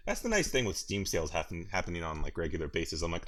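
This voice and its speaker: A man with a very low voice hosting a casual gaming podcast. He rambles through anecdotes with a self-mocking, animated manner. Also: fast. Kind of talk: casual chat.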